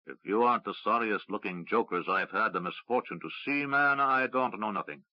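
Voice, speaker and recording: A man's voice: fairly low pitch, moderate pace, dry recording, lightly acted. A man voicing a friendly, wry veteran soldier, easygoing and jokey, in a dry, slightly dull recording.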